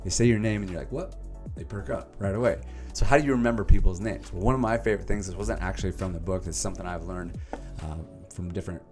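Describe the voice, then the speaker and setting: Deep-voiced man talking to camera. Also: fast talker, soft background music. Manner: animated, emphatic delivery with many fillers. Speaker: self-help book summarizer. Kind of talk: casual energetic vlog talk.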